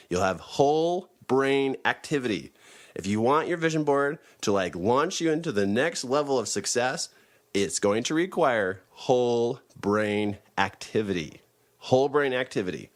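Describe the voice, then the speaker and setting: Emphatic man coaching with lively pitch. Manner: emphatic, repeats key phrases. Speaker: motivational teacher. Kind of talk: motivational teaching talk.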